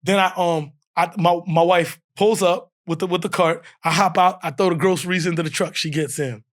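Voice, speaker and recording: Speaking at normal speed in a high voice, a male guest shares a funny story in relaxed podcast conversation. He stays animated throughout, frequently laughing and imitating what others said.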